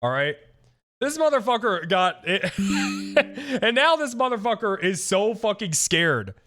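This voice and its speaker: A man's voice: high-pitched, unhurried, faint music behind. A young man streaming casual reaction commentary, ranting and swearing with many restarts. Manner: animated, profane, ranting with frequent restarts.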